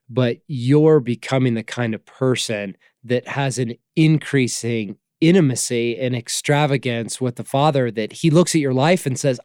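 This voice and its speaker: A man's voice: mid-range voice, a little mellow, smooth, no echo, clean studio sound. A man hosting a faith conversation, answering his guest in a thoughtful and affirming way. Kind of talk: reflective conversational response.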